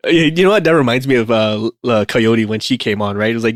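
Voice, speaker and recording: A man co-hosting a casual podcast, talking in a relaxed way with lots of fillers and frequent laughs. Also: mid-range voice, fast talker, dry recording, clean studio sound. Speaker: podcast co-host.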